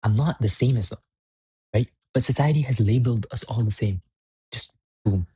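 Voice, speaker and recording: A man's voice: mid-range voice, normal speed, dark tone, breathy edge, no room sound, studio quality. A young man vlogging in a blunt, profane, rambling rant. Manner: blunt, swearing, rambling with restarts. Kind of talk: profane ranting monologue.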